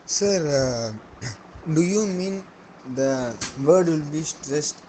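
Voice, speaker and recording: A man's voice: a little high, animated, very slow, mellow, slight background noise, rough recording. A man asking questions in a class, polite and hesitant, calling the teacher sir. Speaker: student.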